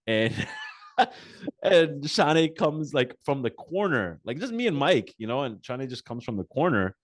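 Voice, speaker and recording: A man hosting a casual sit-down interview, telling animated stories full of fillers and restarts. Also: mid-range voice, measured pace. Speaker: podcast host.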